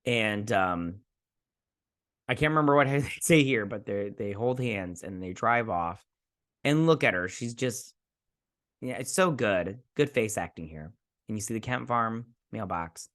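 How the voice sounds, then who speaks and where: A man's voice: medium pitch, moderate pace. Chatty male reviewer recapping an episode. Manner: animated retelling, acting out characters' lines; rambling, many fillers and restarts. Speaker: show reviewer.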